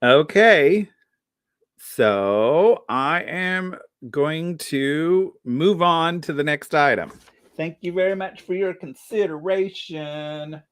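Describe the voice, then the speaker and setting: A man's voice: a little high, takes it slowly, fairly bright tone, smooth, no room sound, studio quality. A man hosting a live online sale, chatting casually about vintage items in a tired morning voice.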